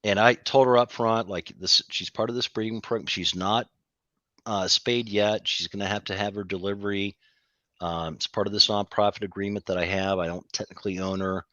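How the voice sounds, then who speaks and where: A fed-up man rants on a call in a bright, forceful voice, swearing freely and circling back on himself. The line is dull and lo-fi, with a dry, close sound. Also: on the low side, fairly even intonation, a little fast, dry recording. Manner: profane, frustrated, rambling. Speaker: caller on a livestream. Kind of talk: angry venting chat.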